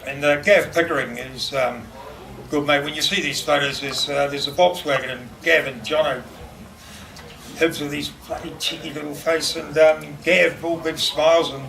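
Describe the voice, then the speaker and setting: Gravelly New man giving a eulogy. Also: fairly high pitch, steady tone, sharp tone. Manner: halting, laughing, fond storytelling. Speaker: eulogy speaker. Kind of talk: memorial speech with anecdotes. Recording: distant mic, noisy room.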